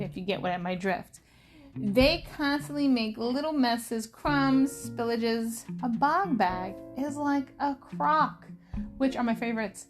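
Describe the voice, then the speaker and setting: A woman in her thirties chatting casually to camera as a vlogger, telling stories in an animated way and acting out the people she quotes. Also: on the high side. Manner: animated storytelling, acts out quoted friends. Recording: music playing behind her voice.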